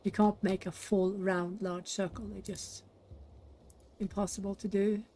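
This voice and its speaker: A woman's voice: medium pitch, flat delivery, a little slow, warm tone, a little hiss or hum. A young woman hosting a game play-through, chatting casually and muttering to herself as she builds. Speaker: gaming channel host. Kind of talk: casual let's-play commentary.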